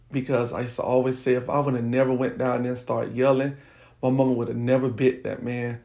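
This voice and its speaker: Brief: man, podcast host, mellow gravelly voice, candid storyteller. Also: medium pitch. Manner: candid, addresses listeners directly. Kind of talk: personal storytelling.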